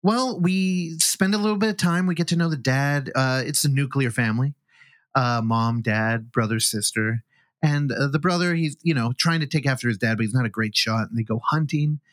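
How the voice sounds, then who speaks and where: A man's voice: mid-range voice, moderate pace, dry recording. A man hosting a film podcast, casually recapping a movie's plot with joking asides. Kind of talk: casual film review chat.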